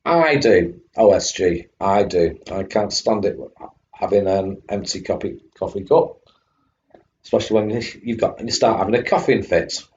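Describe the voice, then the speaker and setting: A man's voice: lowish voice, expressive, moderate pace, darkish tone. A man live-streaming retro computer games, chatting to viewers and fighting off a coughing fit. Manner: chatty, greets chat viewers by name. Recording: dull lo-fi stream audio with faint hum.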